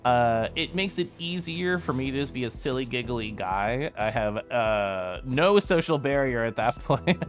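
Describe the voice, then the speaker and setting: A young man chatting casually with viewers on a live stream, giggly and animated. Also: mid-range voice, unhurried, faint music behind.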